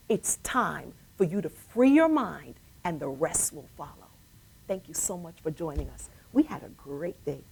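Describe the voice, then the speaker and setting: A woman's voice: low voice, lively intonation, measured pace, gravelly, slightly rough. Woman host preaching an emphatic testimony. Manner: emphatic preaching, building to loud declarations; storytelling with repeated phrases. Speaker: talk show host. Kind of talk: personal testimony on a live web show.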